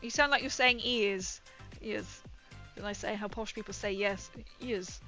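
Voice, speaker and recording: A woman's voice: mid-range voice, brisk, bright, forceful tone. A young woman chatting casually on her livestream, giggling often and dropping her consonants. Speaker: streamer. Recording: muffled stream audio with faint music.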